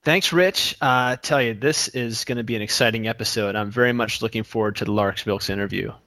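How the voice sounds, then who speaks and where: A man's voice: on the low side, bright, forceful tone, no echo. A man co-hosting a podcast, chatting casually and stumbling over his words. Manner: halting, stammers and repeats words. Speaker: podcast co-host.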